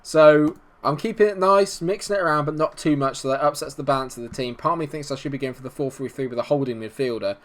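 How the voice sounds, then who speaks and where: A man's voice: fairly high pitch, fast talker, few pauses. Chatty man doing game commentary. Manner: chatty, jokey and swings into excited match commentary. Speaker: gaming YouTuber. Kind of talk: football management gameplay commentary.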